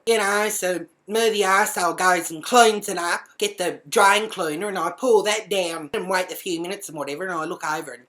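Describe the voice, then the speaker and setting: A woman telling a crude personal story in casual monologue, swearing freely and shouting out the lines she quotes. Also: fairly low pitch.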